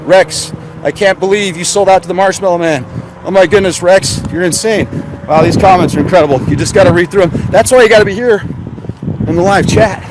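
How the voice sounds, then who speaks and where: A man's voice: high-pitched, fairly quick. A man live-streaming casually from his car, rambling and sarcastic, asking his viewers questions. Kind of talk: casual live-stream chat while driving. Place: in a car on the road. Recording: loud road and wind noise. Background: car and wind noise.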